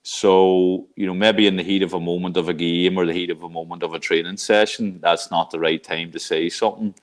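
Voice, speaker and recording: Irish-raised middle-aged coach guy, really low voice, thinks out loud with lots of ums. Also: steady tone, a little fast. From Ireland. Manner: reflective, with many fillers and restarts. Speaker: college soccer coach. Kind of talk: casual interview talk.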